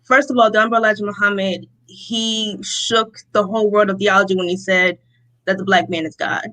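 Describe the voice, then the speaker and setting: Bright-voiced young woman telling a story. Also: medium pitch, normal speed, low-quality recording. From Rochester, New York. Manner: animated storytelling, acts out quotes, laughs often. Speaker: interview guest. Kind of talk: personal testimony in conversation.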